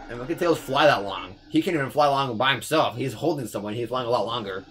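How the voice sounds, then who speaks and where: A young man giving casual gameplay commentary, fast-talking, swearing, often stumbling over words. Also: mid-range voice, animated, a bit bright, slight background noise. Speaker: let's player.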